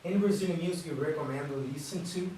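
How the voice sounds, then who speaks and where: A man's voice: fairly high pitch, fast, warm tone. Distant man asking a question, very echoey. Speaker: class participant. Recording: distant, very echoey, faint noise.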